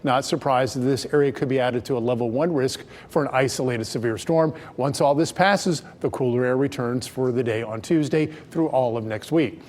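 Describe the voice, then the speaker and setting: A man presenting a local TV weather forecast in a brisk, conversational way. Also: fairly high pitch, a little mellow. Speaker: meteorologist.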